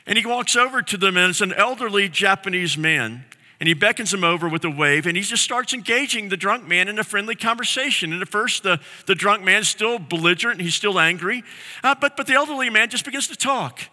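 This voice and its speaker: A man preaching a sermon as pastor, telling a story earnestly and slowing down on key phrases. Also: sits high, lively intonation, pushed and bright, in a large hall.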